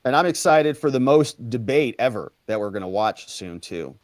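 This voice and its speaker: Man, sarcastic commentary host, mocking tone, lively pitch, dry close sound. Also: dry recording. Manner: mocking, drawn-out sarcastic repetitions. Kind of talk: sarcastic political commentary over clips.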